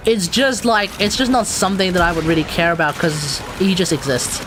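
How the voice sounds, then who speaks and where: A man with an Australian accent livestreams a video game, giving rambling, chatty commentary and often correcting himself. His voice is high-pitched and a little fast, with a noisy background.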